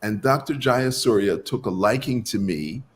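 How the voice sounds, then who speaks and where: A man's voice: fairly low pitch, normal speed. A man, a guest doctor of Chinese medicine, telling his story in an interview and acting out the dialogue in it. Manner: animated, acts out quoted dialogue.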